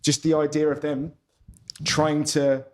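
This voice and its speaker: A man's voice: a little high, monotone, takes it slowly, darkish tone. A man, a guest comedian talking in a reflective, musing way that often trails off and restarts. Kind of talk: casual conversation.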